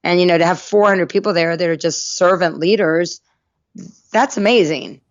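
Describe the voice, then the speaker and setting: A middle-aged woman from North Carolina, a podcast guest telling her life story in a lively way and acting out the people in it. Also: on the low side, normal speed, no echo, lo-fi sound. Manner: lively anecdotal storyteller, acts out quoted voices. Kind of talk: storytelling interview.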